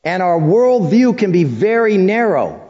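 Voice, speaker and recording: A man's voice: sits high, sing-song, a little slow, warm tone. A man preaching a sermon, telling stories about his past with self-deprecating humor. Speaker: pastor. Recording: dull sound with long reverb.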